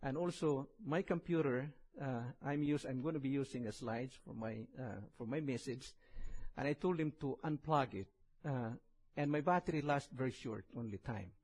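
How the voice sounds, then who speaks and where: Husky-voiced Indonesian-accented man preaching. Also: mid-range voice, a little mellow, rough recording. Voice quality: husky, heavily accented English. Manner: chatty and self-deprecating, reads scripture slowly. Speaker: visiting preacher. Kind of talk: sermon. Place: church.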